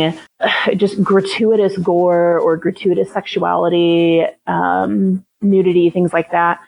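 A young woman chats as a podcast co-host, her low voice gravelly and a little husky. She talks loosely, padding her thoughts with fillers and breaking into laughs. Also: a little mellow, rough recording. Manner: chatty, laughs often, many fillers. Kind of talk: casual chat.

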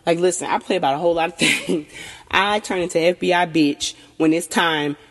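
A woman's voice: lowish voice, steady tone, a little fast. A woman in candid casual chat, frank and profane, laughing often and a little tipsy. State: tipsy from tequila. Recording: long reverberant room.

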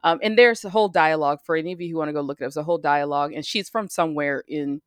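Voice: medium pitch, rapid-fire, clean tone, dry recording, studio quality. A podcast co-host from the United States in casual chat, talking freely and often restarting sentences. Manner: chatty, trails off and restarts.

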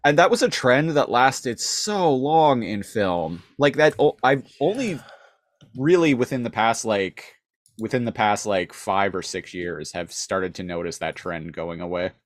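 A man's voice: lowish voice, animated, unhurried, no echo. A young man co-hosting a casual chat, who rambles with lots of filler words and swears. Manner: rambling, filler-heavy, profane.

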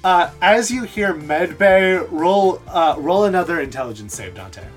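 A game master narrating a tabletop role-playing session in an animated, casual way, often using fillers. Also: mid-range voice, measured pace, faint music behind.

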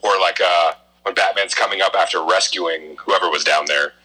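A man's voice: low voice, steady tone, moderate pace, sharp tone, breathy edge, rough recording. A man co-hosting a podcast, making dry, sarcastic remarks in casual chat. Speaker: podcast co-host.

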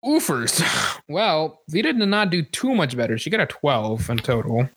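A man narrating a tabletop game as game master, relaxed and rambling, with lots of fillers and quick laughs. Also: a little high, no room sound.

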